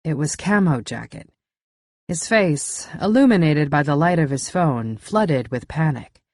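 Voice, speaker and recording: A woman narrating a first-person thriller audiobook in a measured, intimate way on a close studio mic. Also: low-pitched, expressive, a little mellow, dry recording.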